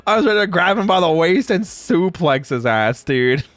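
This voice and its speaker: A man talks casually to his stream, ranting with plenty of swearing and breaking into laughter often. His pitch leaps all over the place, very lively and expressive. The sound is dry and close, with no room echo. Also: normal speed. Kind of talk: casual livestream chat.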